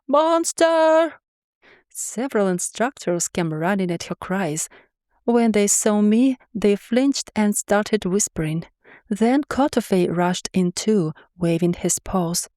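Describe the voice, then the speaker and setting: Woman reading a comic fairy tale, wry and expressive, dry close sound. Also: mid-range voice, no echo. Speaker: storyteller. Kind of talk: scripted first-person story narration.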